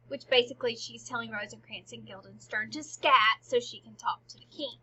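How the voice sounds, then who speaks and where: A woman teaching a play in a chatty, informal way, often dropping into quiet, half-whispered asides. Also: fairly high pitch, moderate pace, few pauses, slightly rough, low-quality recording. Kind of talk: casual lesson.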